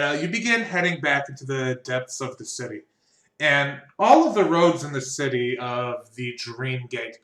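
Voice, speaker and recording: A man's voice: medium pitch, bright, forceful tone, echoey room. A man narrating a tabletop game as game master, chatty, laughing easily and stumbling over names.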